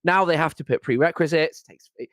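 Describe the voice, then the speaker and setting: A man's voice: on the high side, fast talker, fairly bright tone, no room sound. A man co-hosting a casual livestream chat, talking enthusiastically and rambling with restarts. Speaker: co-host.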